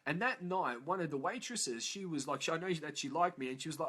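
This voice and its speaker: A man's voice: fairly high pitch, a little fast, husky. Rambling Australian man telling a story. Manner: rambling, animated, swears freely. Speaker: speaker telling his life story. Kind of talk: casual storytelling.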